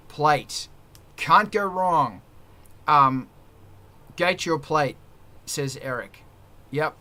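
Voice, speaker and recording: A man hosting a casual livestream chat, joking and crude, with sudden jumps in loudness. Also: on the high side. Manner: joking, crude, loud swings in volume. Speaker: livestream host.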